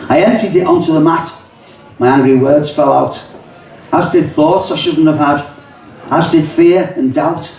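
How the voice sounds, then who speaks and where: Brief: older Liverpool-accented man, fairly high voice, reciting rhyming verse live, mic far off in a boomy pub. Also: fairly even intonation, measured pace, gravelly, darkish tone, echoey room, slight background noise. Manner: rhythmic, rhyming recitation with chatty asides. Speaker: poet and songwriter. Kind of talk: live poetry reading. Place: pub function room, live audience.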